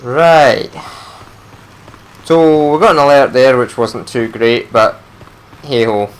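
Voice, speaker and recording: A man's voice: mid-range voice, fairly even intonation, slow, clear, resonant tone. A man giving casual let's play commentary as he plays, chatting to himself and grumbling when things go wrong. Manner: chatty, talks to himself while playing, frustrated outbursts.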